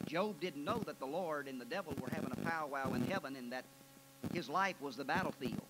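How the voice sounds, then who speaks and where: A male preacher delivering a sermon, telling folksy stories that build into loud, emphatic preaching. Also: fairly high pitch, brisk. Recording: noisy 1993 archive tape with hum.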